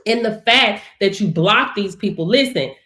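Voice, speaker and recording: Black woman coach going live on her phone, fired up, says stuff twice, loud then quiet. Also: medium pitch, normal speed. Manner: animated and emphatic, swings loud and soft, repeats phrases. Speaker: business coach. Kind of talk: casual live stream chat.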